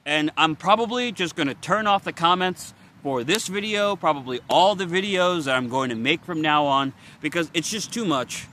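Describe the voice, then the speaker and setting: A man's voice: a little high, expressive, moderate pace, hardly any pauses, sharp tone, slight background noise. A young man venting in a confessional vlog, frustrated, weary and swearing bluntly as he talks. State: weary and worn out. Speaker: vlogger.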